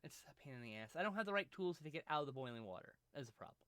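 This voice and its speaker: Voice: medium pitch, expressive, racing, a bit bright. A rambling, profane co-host in casual chat on a live stream. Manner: rambling, profane, restarts often. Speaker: podcast co-host.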